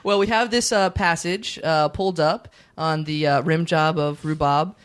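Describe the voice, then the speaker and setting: A man's voice: on the high side, fairly even intonation, moderate pace, a bit bright, smooth. A man hosting a comedy podcast, giggling and laughing often as he talks. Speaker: podcast host.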